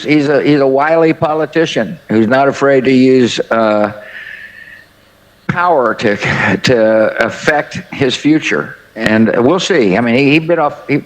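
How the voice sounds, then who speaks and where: Seventies man, former statesman guest; folksy, halting delivery, filler-heavy anecdotes. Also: mid-range voice, low-quality recording. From United States. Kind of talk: anecdotal interview answers.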